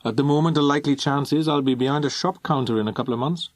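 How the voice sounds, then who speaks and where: A man's voice: a little high, quick pace, dry recording, voice pushed up, close to an everyday voice. A man doing a mocking Welsh teenage boy. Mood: blunt. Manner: teasing, sardonic.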